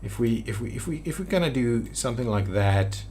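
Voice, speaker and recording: A man's voice: medium pitch, animated, brisk, dark tone, slight background noise. A man giving gameplay commentary on a city-building game, thinking aloud with hesitant restarts as he builds. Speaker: city-builder video creator.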